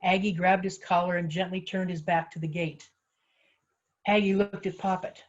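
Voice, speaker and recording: A woman author reading her own story aloud with expressive, lively storytelling. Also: on the low side, normal speed. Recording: slightly muffled lo-fi audio.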